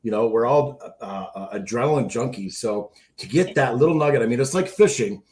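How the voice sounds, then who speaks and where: Brief: mid-pitched man host, chatty and encouraging. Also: animated, fairly quick, darkish tone. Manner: encouraging, rambling. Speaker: podcast host. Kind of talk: interview chat.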